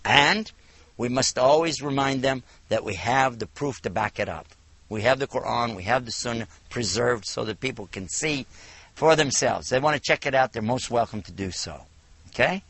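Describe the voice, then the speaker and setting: A man from the United States giving a televised religious lecture, telling stories with animated, acted-out dialogue. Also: medium pitch, moderate pace, gravelly, husky, no echo. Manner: animated storytelling, acts out dialogue. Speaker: Islamic lecturer.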